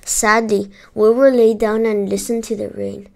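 A woman reading a children's book aloud in a steady storytelling way, with the odd small slip. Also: medium pitch, moderate pace, creaky. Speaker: storybook reader.

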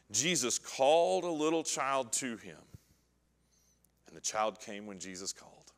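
A man leading an adult Bible class with a somewhat high voice that rings bright and sharp. He is animated, acting out scripture quotes and firing questions at the class. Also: big-room sound.

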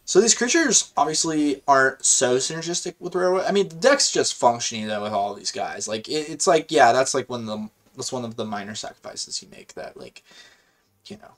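Excitable slangy young-sounding man gaming. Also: mid-range voice, fairly quick. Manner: chatty, slangy, excitable, thinks aloud. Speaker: gaming video host. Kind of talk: casual live gameplay commentary.

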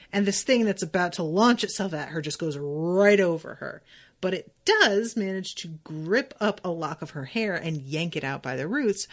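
A young woman hosting a casual book podcast, retelling the chapter in an excitable, swearing way and voicing the characters. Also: lowish voice. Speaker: podcast host.

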